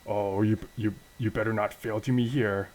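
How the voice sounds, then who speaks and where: A cruel, gloating villain, played by a man in a game story, taunting his fallen foe. The voice sits fairly low and pushes a little louder than the narration around it. It sounds like an everyday speaking voice bent toward menace. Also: steady tone, normal speed, natural voice, low-quality recording.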